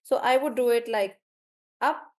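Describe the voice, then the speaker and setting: Young woman teacher, a little high, encouraging, checks words aloud on a video call. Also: animated, a little slow. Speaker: online English teacher. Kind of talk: live online class, coaching students on syllables.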